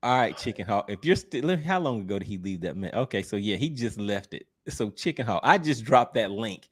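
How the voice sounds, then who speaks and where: A man's voice: fairly low pitch, animated, fairly quick, slightly rough. A man hosting a livestream, reading viewer comments aloud in an easygoing, teasing way and laughing often. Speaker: livestream host.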